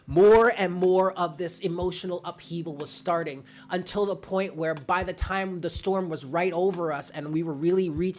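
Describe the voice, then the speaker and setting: Low-voiced woman chatting with viewers. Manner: chatty, rambling, reads out viewer comments. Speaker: tarot reader. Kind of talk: casual live-stream chat. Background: faint lo-fi music.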